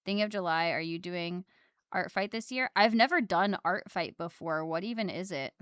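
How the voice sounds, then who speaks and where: Woman streamer, casual chat while drawing; crisp, clean voice, loud excitable reactions. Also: lowish voice, normal speed, dry recording, studio quality. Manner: chatty, reacts loudly to chat with squeals and laughs.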